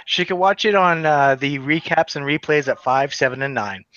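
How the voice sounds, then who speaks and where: Casting: jokey guest on a group stream, higher male voice, crowd noise behind. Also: normal speed, highs cut off. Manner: jokey, laughing. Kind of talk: casual group live stream chat. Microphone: online call.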